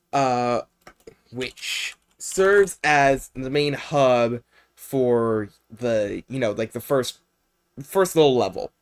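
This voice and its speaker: A young man presenting a video game on a livestream, rambling off script with lots of ums and uhs. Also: mid-range voice.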